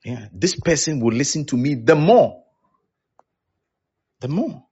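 A man's voice: on the high side, very animated, a little slow, mellow, slightly rough, muffled recording. A man preaching as a pastor, acting out both sides of the conversations he recounts. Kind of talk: sermon.

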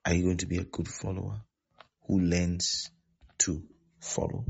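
A male pastor preaches a sermon in a very low, gravelly and husky voice. He repeats his points and keeps asking whether his listeners are following. The recording sounds dull and lo-fi. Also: flat delivery, a little slow, a little mellow, slight background noise.

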